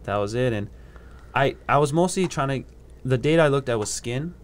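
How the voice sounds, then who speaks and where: A man's voice: mid-range voice, animated, a little fast, slight background noise. A young man from Hawaii telling surf stories casually, acting out other people's voices and laughing often. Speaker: guest, surfer and scientist. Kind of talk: casual podcast storytelling.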